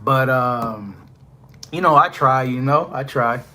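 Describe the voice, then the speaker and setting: A man's voice: medium pitch, slow, pushed and bright. A man who drives trucks chatting casually on a live stream, rambling with lots of fillers. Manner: rambling, filler-heavy, "you know" constantly.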